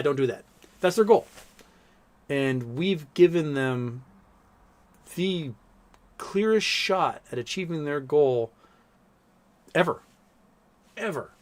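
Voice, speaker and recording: A man hosting a casual livestream from home, rambling about markets and reading viewer comments aloud with some swearing. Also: on the high side. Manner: baby-talk coaxing to his pets. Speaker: livestream host.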